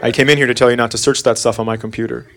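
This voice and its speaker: A man's voice: mid-range voice, very fast. A middle-aged man doing stand-up, telling a story about his son in a dry, sarcastic way. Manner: deadpan, sarcastic. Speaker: stand-up comedian.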